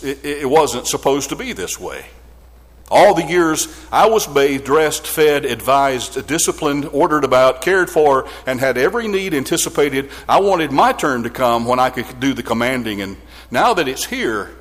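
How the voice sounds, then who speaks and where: Reflective middle-aged preacher in a hall. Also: male voice, medium pitch, a bit bright. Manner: reflective storytelling, direct address to the congregation. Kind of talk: sermon. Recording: long hall reverb.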